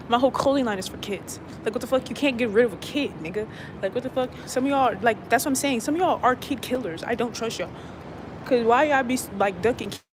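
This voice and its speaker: A young woman vlogger talking casually into her phone, blunt and exasperated, swearing often while she walks around. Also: fairly high pitch. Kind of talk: casual rant to camera. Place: walking around outdoors and indoors with a phone. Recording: phone audio with steady background noise.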